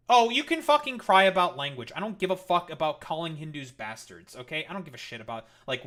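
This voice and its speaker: A man's voice: a little high, a bit bright. A man streaming live and commenting in a heated, profane and sarcastic rant.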